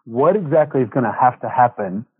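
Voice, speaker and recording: A man's voice: medium pitch, lively intonation, husky, no echo. Reflective man on a tinny phone line. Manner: reflective, halting with fillers. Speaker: guest. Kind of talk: casual faith conversation.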